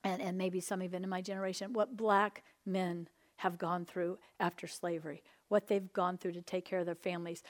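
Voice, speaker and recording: A woman preaching a charismatic sermon, testifying with passion and swinging between hushed and loud delivery. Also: medium pitch.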